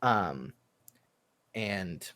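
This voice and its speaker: A man narrating a tabletop role-playing game as game master, in a halting way full of fillers. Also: sits low, animated, bright, forceful tone.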